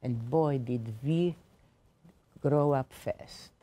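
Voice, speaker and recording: A woman's voice: a bass voice, very slow, mellow. Emphatic woman in her eighties. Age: 80s. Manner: emphatic, emotional storytelling. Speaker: Holocaust survivor speaking to teachers. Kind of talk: personal testimony talk. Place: seminar room.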